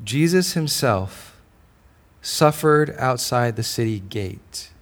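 A male pastor preaching a sermon, swinging between loud declarations and soft, close lines. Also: medium pitch, lively intonation, slow.

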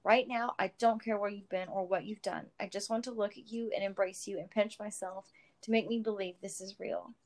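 A woman voicing an emotional, loving hobbit father who speaks loud and firm. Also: mid-range voice, steady tone, brisk, natural voice. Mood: overjoyed. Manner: loud, firm, then tearful and joyful.

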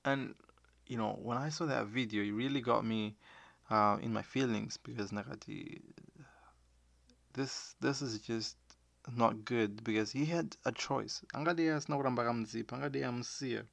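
A man with a Zimbabwean Shona accent talking earnestly in a casual monologue to viewers, switching between languages, with halting restarts. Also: medium pitch, gravelly, a bit bright, dry recording.

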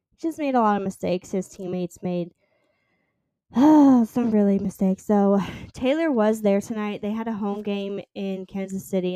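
A young woman in her twenties talks on her solo podcast in a loose, rambling way, filling gaps with "um" and "like". Her voice is smooth and clean, and the close mic gives a dry sound with no room around it. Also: medium pitch, mellow, no echo. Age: 20s. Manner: rambling, chatty, lots of fillers and likes. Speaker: podcast host. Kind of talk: casual solo podcast chat.

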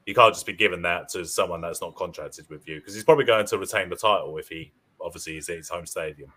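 A man's voice: sits low, quick pace, bright, forceful tone. A man, co-hosting a casual podcast chat in a laid-back, hedging way. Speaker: podcast co-host.

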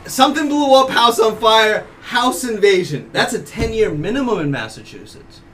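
A man's voice: high voice, normal speed. Man from Ukraine, swearing, distant mic. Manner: animated, profane, laughing often. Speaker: podcast guest. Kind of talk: casual storytelling. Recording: distant mic, faint background noise.

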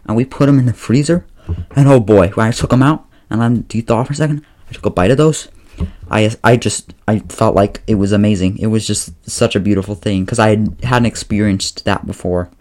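A man's voice: on the low side, fairly quick, darkish tone. A man hosting a casual solo podcast, rambling and often correcting himself mid-sentence, playfully pleading with his listeners. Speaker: podcast host.

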